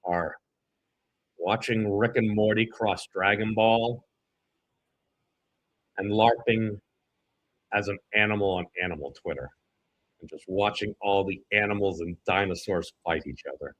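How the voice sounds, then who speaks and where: A man's voice: lowish voice, unhurried, pauses often, a bit bright, lo-fi sound. A man from New England, co-hosting a podcast and giving rambling, self-interrupting commentary while reading an article. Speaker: podcast co-host.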